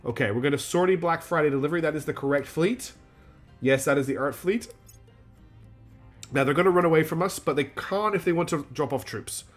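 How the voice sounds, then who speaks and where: A man's voice: a little high, a little fast, faint music behind. A man streaming a strategy game, chatting and thinking aloud in a casual, self-deprecating way. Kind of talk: live game commentary.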